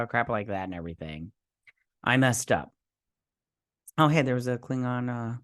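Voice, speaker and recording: A man's voice: mid-range voice, lively intonation, fairly quick, pauses often, fairly bright tone, dry recording, clean studio sound. Rambling man recapping a TV episode. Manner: rambling, quotes characters in his own voice, many fillers. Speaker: show host reviewing an episode. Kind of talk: casual recap and review.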